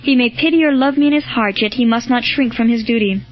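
A man's voice: very high-pitched, fast talker. A woman reading the part of a resolute, commanding male Christian soldier in a storybook. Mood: reflective. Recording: dull lo-fi with faint music.

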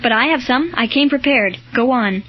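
A woman's voice: on the high side, moderate pace, highs cut off, natural voice. A woman reading the part of a determined Roman soldier, speaking firmly and solemnly. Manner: firm, solemn. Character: stern male Roman soldier, firm and determined.

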